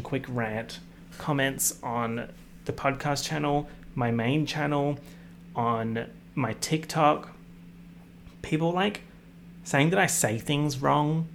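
Young Australian guy, casual podcast host, mid-pitched with vocal fry, ranty and over-the-top. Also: a little hiss or hum. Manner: chatty, ranting, dramatic exaggeration. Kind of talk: casual pop-culture commentary.

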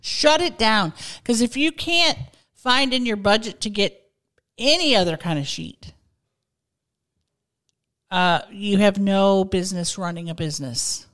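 A woman co-hosting a casual podcast who teases her friend with playful, deadpan jabs. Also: medium pitch, unhurried, long pauses. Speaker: podcast co-host. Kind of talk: casual comedic chat. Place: rented house in California.

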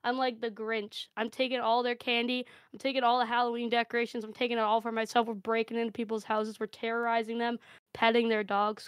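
A woman improvising a crude, over-the-top comic story, brash and deadpan, swearing freely. Her voice sits a little high, smooth and clear. It is recorded close and dry, with no room sound. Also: a little fast, dry recording. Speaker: panelist.

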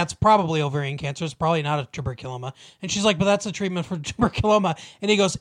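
A man's voice: high-pitched, fairly bright tone. A man in casual chat, recapping a story with lots of restarts and acted-out quotes. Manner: rambling, many restarts, acts out quoted lines, laughs often. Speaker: podcast co-host recapping a TV episode.

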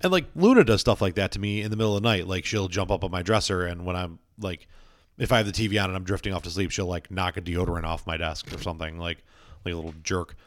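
A man's voice: deep voice, fast, no room sound. A man chatting casually as a podcast co-host, telling rambling stories full of fillers and playful asides. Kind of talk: casual chat.

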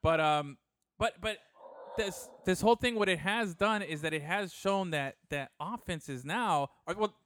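A man co-hosting a casual sports podcast, animated and laughing often, with frequent swearing. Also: high voice, measured pace, dry recording. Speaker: podcast co-host.

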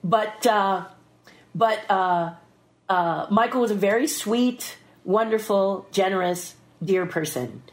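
A middle-aged woman telling an animated story as a guest, jumping into quick voices for the people in it. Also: mid-range voice. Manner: lively storyteller who puts on voices for the people in her story. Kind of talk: animated anecdote.

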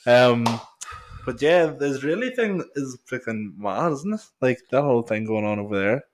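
A man's voice: medium pitch, lively intonation, normal speed, a little hiss or hum. A young man with a Northern Irish accent, co-hosting a podcast in casual chat, rambling with lots of "like" and swearing. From Northern Ireland. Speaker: podcast co-host. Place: small home studio.

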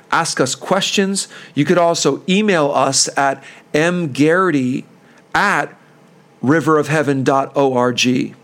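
A man's voice: fairly high pitch, a bit bright. A man hosting a preaching podcast, fervent and earnest, who voices pleading prayers.

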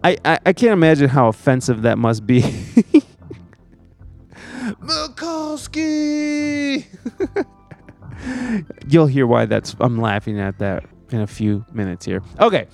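A man's voice: mid-range voice, brisk, gravelly, few pauses, darkish tone, soft background music. A man introducing a podcast episode in a playful, self-mocking way. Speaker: podcast host.

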